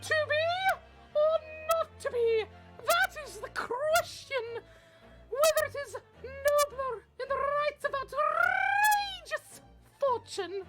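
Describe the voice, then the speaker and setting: A woman's voice: very high-pitched, expressive, slow, voice pushed up, heavily acted. A woman voicing a flamboyant theatrical man who spouts Shakespeare and rolls his R's, over game music. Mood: grandiose. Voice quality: rolled R's, grandiose and old-fashioned speech.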